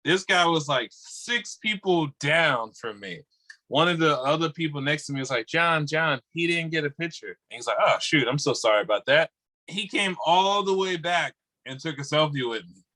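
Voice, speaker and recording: A man's voice: fairly high pitch, pushed and bright, low-quality recording. A man co-hosting a casual podcast over a video call, telling loose stories in a laid-back way and laughing often. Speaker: podcast co-host.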